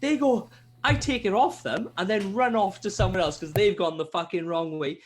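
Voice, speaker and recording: A man chatting on a gaming podcast with a lively, swooping voice that sits a bit high for a man. He tells his stories with plenty of swearing and acts out shouted lines along the way. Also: normal speed. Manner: swears a lot, animated storytelling, acts out shouted quotes. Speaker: podcast co-host. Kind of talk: casual gaming chat.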